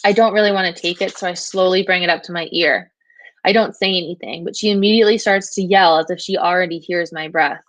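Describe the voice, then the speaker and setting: A woman's voice: lowish voice, fairly even intonation, fast, a bit bright, no room sound. A woman teacher reading a novel aloud to her class, narrating steadily in the first person.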